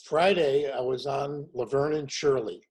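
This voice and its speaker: A husky-voiced man in his sixties swaps show business stories with animated energy. His pitch sits in an ordinary middle range, and he keeps breaking into other voices to act out the people he quotes. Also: a little slow, poor audio. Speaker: guest, warm-up comedian. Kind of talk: casual storytelling chat.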